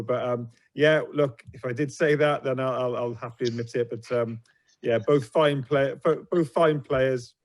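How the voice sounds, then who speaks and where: A man chatting as a guest on a rugby panel, self-deprecating and good-humoured. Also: medium pitch. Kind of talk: casual panel chat.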